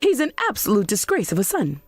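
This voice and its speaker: A woman's voice: medium pitch, huge pitch swings, quick pace, husky, no room sound, soft background music, heavily acted. A woman voicing an indignant, defensive middle-aged mother in a text-message story drama. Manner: indignant, demanding.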